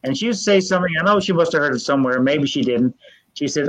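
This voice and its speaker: An older man, telling family ghost stories in a folksy, earnest way with halting restarts. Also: fairly high pitch, lively intonation, fairly bright tone. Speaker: storyteller guest. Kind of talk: casual storytelling. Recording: dull lo-fi sound.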